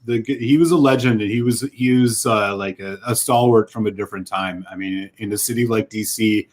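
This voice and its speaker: A man's voice: on the low side, brisk. A man co-hosting a casual whisky chat, telling a heartfelt, rambling story with lots of fillers. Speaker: whisky podcast co-host.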